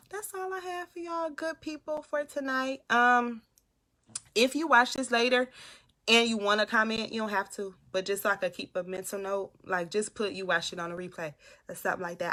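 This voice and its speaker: A woman's voice: mid-range voice, pushed and bright. A young woman hosting a casual live stream from her room, chatting and reading viewers' comments aloud. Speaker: motivational livestream host. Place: home room.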